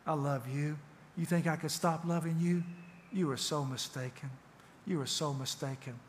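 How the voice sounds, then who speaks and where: A man giving a sermon in a church, emphatic, swinging from loud urging to hushed tenderness and repeating his phrases. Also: on the high side, moderate pace, a little hiss or hum. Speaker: church speaker. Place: church hall. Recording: echoey church hall with long reverb.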